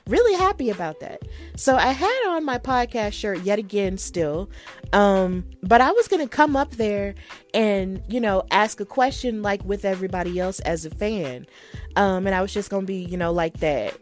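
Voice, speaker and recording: A woman podcast host, chatty and excitable, telling a story in a casual solo talk with lots of likes and ums. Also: medium pitch, normal speed, faint music behind. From Alabama, USA.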